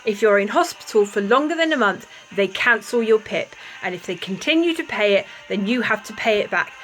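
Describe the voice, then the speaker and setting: A woman's voice: mid-range voice, animated, brisk, a bit bright, faint music behind, rough recording. Emphatic woman vlogging. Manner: emphatic, indignant, apologetic asides. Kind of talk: casual vlog to camera.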